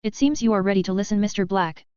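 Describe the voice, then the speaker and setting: A woman reading as a calm, knowing young man. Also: medium pitch, clean tone, no echo, lo-fi sound, close to an everyday voice. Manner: calm, measured. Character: calm, knowing young male company leader.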